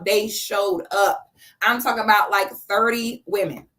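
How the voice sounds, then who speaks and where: A woman's voice: mid-range voice, a bit bright. A woman in her thirties hosting a casual live stream, effusive and chatty, reading out viewers' messages and thanking them by name. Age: 30s.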